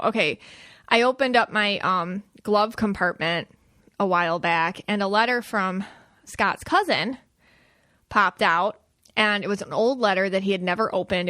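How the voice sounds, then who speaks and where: Young woman podcast host, bright-ish voice, chatty and animated, very dry close mic. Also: dry recording. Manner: chatty, animated storytelling with high-pitched quoted asides. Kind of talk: casual podcast talk.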